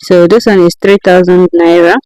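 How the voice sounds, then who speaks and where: A woman walking viewers through a how-to tutorial step by step, often pausing to check in with "okay?". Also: on the low side, little pitch movement, darkish tone, smooth, no echo, rough recording. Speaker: tutorial creator. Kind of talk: screen-recorded how-to tutorial.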